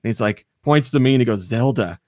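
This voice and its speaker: Man, american, podcast host, lively storyteller, acts out quotes, dry close sound. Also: medium pitch, fast talker, no room sound. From United States. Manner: animated storyteller, acts out quoted voices, laughs often. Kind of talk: casual chat, telling a story.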